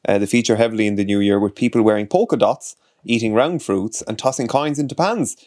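A man's voice: fairly low pitch, fast, darkish tone. A man co-hosting a podcast, reading out fun facts and joking along in casual chat. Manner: reads facts then jokes along. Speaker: podcast co-host.

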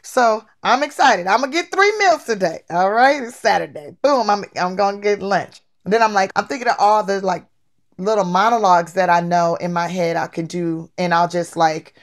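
A middle-aged woman talks in a casual, playful way, as if telling a funny story to a friend. Her voice sits at an ordinary middle pitch, and she speaks with lively, animated energy. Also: normal speed. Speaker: guest comedian.

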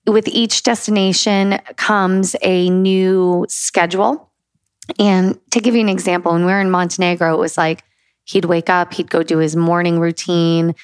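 A woman's voice: lowish voice, level tone, moderate pace, clear, resonant tone, dry recording, studio quality. A middle-aged woman from the United States co-hosting a casual travel chat, laughing easily and steering the talk. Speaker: co-host.

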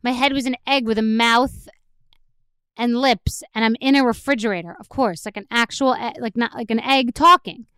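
A woman's voice: fairly high pitch, normal speed, fairly bright tone, clean tone, no echo, studio quality. A middle-aged woman hosting a podcast, ranting sarcastically and exasperatedly, with plenty of swearing. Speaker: podcast host. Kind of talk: solo comedic rant.

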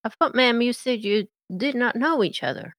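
A woman's voice: fairly high pitch, moderate pace, a bit bright, dry recording, voice pushed up, natural voice. A woman voicing a bashful, awkward small-town male deputy who stammers eagerly.

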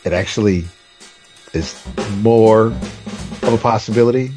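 A man co-hosting a comics podcast, rambling and animated, who laughs easily. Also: lowish voice, a little slow, music in the background. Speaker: podcast co-host. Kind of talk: casual chat.

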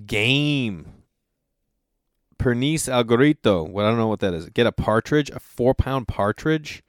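A man's voice: mid-range voice, expressive, a little slow, no echo, clean studio sound. A middle-aged man, chatting casually as a host and reading old recipes aloud with incredulous, swearing commentary. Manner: incredulous, exasperated riffing with swearing.

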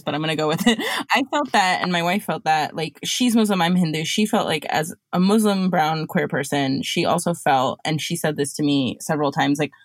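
A woman's voice: low-pitched, dry recording. A woman hosting a podcast, welcoming her guests in an upbeat, casual interview. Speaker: podcast host.

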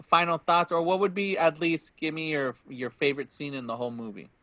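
A man's voice: on the high side, steady tone, brisk, fairly bright tone, dry recording. A man in his thirties chatting casually about a movie, acting out lines and laughing often. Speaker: podcast co-host. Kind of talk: casual movie review chat.

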